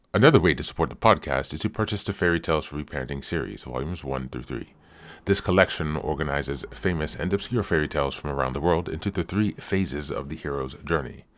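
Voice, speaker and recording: Male podcast host, very low voice, steady read-through of show announcements. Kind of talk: scripted podcast announcements and intro.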